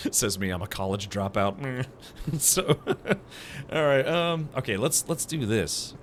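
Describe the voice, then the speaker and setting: Lively sarcastic male game streamer. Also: mid-range voice, takes it slowly, slight background noise. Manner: sarcastic, chatty, laughs at his own jokes; talks to chat. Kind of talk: casual live-stream chat while playing.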